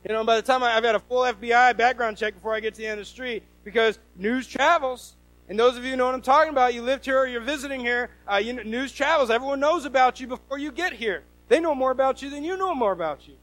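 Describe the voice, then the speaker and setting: Male preacher from the Northwest, higher-pitched, lively sermon delivery with acted-out quotes. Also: quick pace, no room sound, soft background music, low-quality recording. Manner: animated storytelling with quoted voices. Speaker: pastor.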